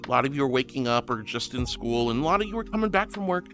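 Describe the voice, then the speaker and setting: A man's voice: medium pitch, lively intonation, fast, a bit bright, soft background music. A man streaming live as a VTuber, reading out viewer messages and thanking them in a gushing, giggly way.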